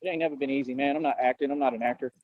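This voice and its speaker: A man's voice: mid-range voice, fairly even intonation, racing, no echo, narrow, tinny audio. A man rambling on at length, boastful and earnest, repeating himself often, with a way of talking. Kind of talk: rambling street monologue.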